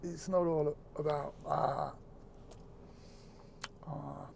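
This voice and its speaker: A man speaking earnestly in a reflective, casual chat, halting and repeating words as he goes, with the odd swear word. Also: on the high side, little pitch movement, gravelly, a little mellow, slight background noise.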